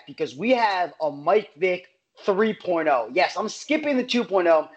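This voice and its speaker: A man co-hosting a sports betting show, talking in an emphatic, animated way and often repeating his phrases. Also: high voice, normal speed, dull audio. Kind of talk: casual sports betting talk.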